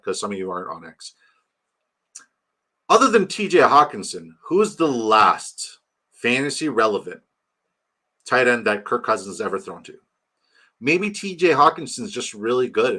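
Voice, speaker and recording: A man with a medium-pitched, sharp-toned voice hosts a casual livestream. He rambles about his draft, reads chat messages aloud, and hypes up a giveaway.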